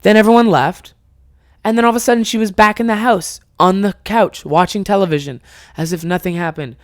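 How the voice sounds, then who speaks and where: A young man hosting a solo comedy podcast, telling an animated personal story with plenty of swearing and laughter. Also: high voice, a little fast, dry recording, studio quality.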